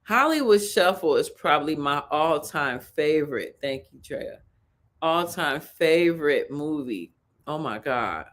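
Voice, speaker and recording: A woman's voice: sits low, lively intonation, unhurried. A woman from Chicago with a suburban Chicago accent, hosting a rambling, chatty reaction video and talking straight to her viewers. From Chicago, USA. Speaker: host. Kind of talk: casual reaction commentary.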